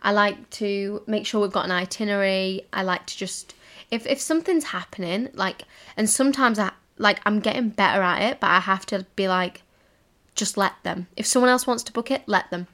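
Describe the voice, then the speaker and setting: A woman's voice: mid-range voice, normal speed, a bit bright. A young woman hosting a casual solo podcast from home, talking in a rambling, giggly way with lots of fillers. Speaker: podcast host. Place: home, indoors, in a cozy room.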